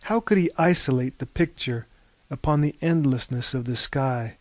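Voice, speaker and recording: Man reading a storybook, calm and wry. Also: medium pitch, normal speed, dry recording. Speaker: narrator.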